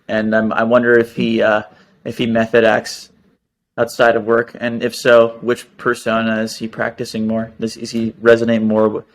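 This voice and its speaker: A man's voice: mid-range voice, monotone, normal speed. A man co-hosting a casual review chat, thoughtful with a dry wit. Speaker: co-host.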